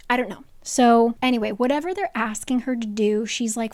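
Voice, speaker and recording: A woman's voice: on the high side, normal speed, a little mellow, no echo. A young woman with a worn-out voice giving a chatty, sarcastic spoiler recap of a novel, full of "like" asides. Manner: chatty, rambling, lots of "like" asides. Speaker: book summary creator.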